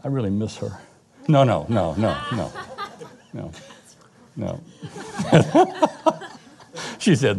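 Middle-aged man, low warm voice, halting storyteller giving a personal testimony. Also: animated, vocal fry. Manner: storytelling, halting restarts, occasional laughs.

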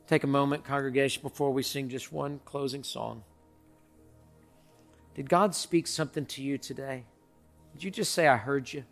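A man preaching a sermon as pastor, emphatic and repetitive with a joking streak, closing in a softer spoken prayer. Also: medium pitch, moderate pace, vocal fry, long pauses, big-room sound, soft background music.

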